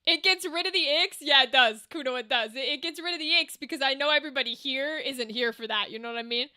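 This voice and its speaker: A woman's voice: sits high, fast talker, bright, forceful tone. A woman streamer chatting casually with her live audience, swearing freely and laughing often.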